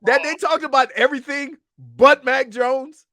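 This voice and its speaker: A man's voice: very high-pitched, fairly even intonation, normal speed, pushed and bright, a little hiss or hum. A man co-hosting a sports radio show, telling jokey stories in casual banter and laughing at his own lines.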